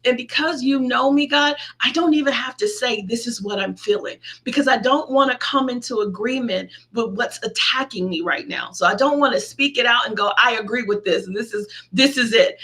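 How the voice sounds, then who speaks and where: Woman pastor, Midwestern American, middle-aged; bright, slightly high voice, intimate preaching from her desk. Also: fairly quick, few pauses. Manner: intimate, testimony-style, prays aloud. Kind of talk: online sermon, girl talk.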